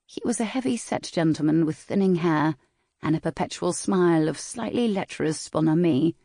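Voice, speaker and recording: A woman narrating a historical romance audiobook in a measured, dramatic style. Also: low-pitched, dark tone, no echo, clean studio sound. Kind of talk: scripted narration.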